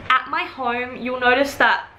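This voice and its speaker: A woman in her twenties from Australia, with an Australian accent softened by British influence, chatting casually to camera at home in a rambling way with quick asides. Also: high-pitched, little pitch movement, echoey room, a little hiss or hum. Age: 20s. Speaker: vlogger. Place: at home, indoors.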